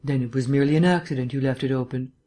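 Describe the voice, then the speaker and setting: An audiobook reader voicing an urbane, erudite gentleman detective who lectures in a polished, lightly teasing way. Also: medium pitch, steady tone, very fast, close to an everyday voice. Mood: probing. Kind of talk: audiobook reading.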